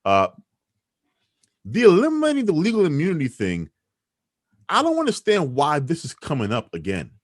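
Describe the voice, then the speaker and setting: A man hosting a podcast, arguing his opinions in an emphatic, animated way. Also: a little high, normal speed, long pauses, dry recording, studio quality. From New York City. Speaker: podcast host.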